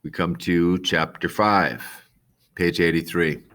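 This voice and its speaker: A man's voice: deep voice, fairly even intonation, slow, a bit bright. A man teaching a class, reading a novel aloud and stopping to explain words to his students. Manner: plain read-aloud with asides to the class.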